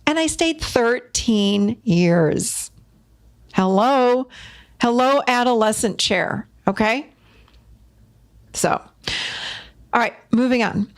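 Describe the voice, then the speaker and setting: A middle-aged woman hosting a podcast, giving parenting advice in an animated, emphatic way, repeating phrases for effect and laughing as she talks. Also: fairly high pitch, slow, pauses often. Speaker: podcast host. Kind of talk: solo podcast talk, coaching advice.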